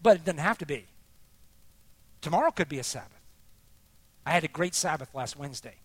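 Male preacher, sermon, high lively voice, dry close sound. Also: fairly quick, husky, dry recording. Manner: expressive, swings between soft and emphatic.

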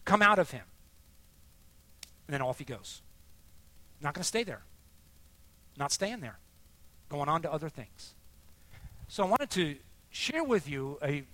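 A man preaching a sermon, expressive and emphatic, dropping soft and then rising for emphasis. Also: on the high side, dry recording.

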